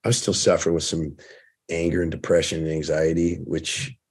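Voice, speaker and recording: A man's voice: extremely low pitch, flat delivery, brisk, a little mellow, husky. A man in his thirties, a podcast guest, candidly telling his story in casual conversation and swearing freely. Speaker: podcast guest, firefighter turned coach.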